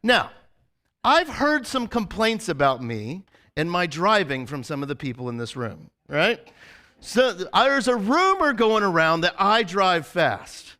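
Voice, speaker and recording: A male pastor spins a rambling, animated story in his sermon, tossing "right?" to the congregation again and again. His voice sits high and sounds sharp and bright. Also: a little slow. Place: church service before a congregation.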